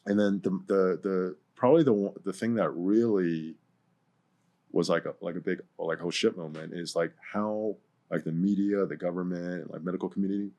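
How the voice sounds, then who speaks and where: A man's voice: low voice, steady tone, normal speed, mellow, highs cut off. A man as a guest in a casual discussion, rambling and hesitant, full of fillers like "like" and "right".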